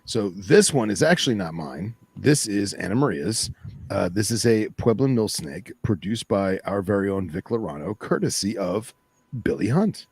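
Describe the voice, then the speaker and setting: A man's voice: on the low side, very animated, normal speed, a little mellow, husky, no echo. A man co-hosting a podcast in laid-back, enthusiastic casual chat. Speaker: podcast co-host.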